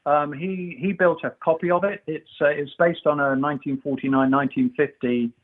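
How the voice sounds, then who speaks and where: A man, a guest, telling rambling, animated stories and doing other people's voices. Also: fairly high pitch, fairly quick. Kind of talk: casual anecdote telling. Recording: tinny phone line.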